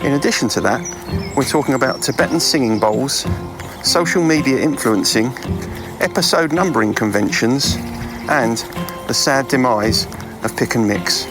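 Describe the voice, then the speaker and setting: A man's voice: mid-range voice, animated, normal speed. A man reading a scripted podcast intro, posing rhetorical questions to the listener. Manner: rhetorical, presenting. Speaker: podcast host. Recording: intro voice with music bed.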